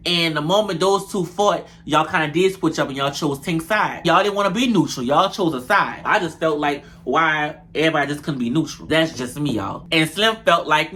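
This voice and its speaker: Animated, profane young man gossiping. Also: a little high, normal speed, few pauses. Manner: animated, profane, gossipy, addresses viewers as y'all. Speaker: reality show reviewer. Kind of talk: casual show review.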